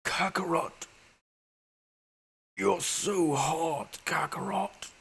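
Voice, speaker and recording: A man voicing a lovestruck male anime rival in a high, breathy, drawn-out voice. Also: a bit bright, full character voice. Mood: swooning.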